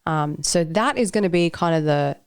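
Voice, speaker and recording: A woman co-hosting a podcast in casual chat, chatty and quick to laugh. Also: low-pitched, expressive, smooth, dry recording. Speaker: podcast co-host.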